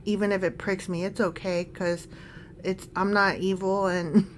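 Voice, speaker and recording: A woman's voice: mid-range voice, flat delivery, unhurried, slight background noise. A woman co-hosting a casual podcast, reading scripture aloud and joking about it as she goes. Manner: chatty and joking, laughs often. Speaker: podcast co-host.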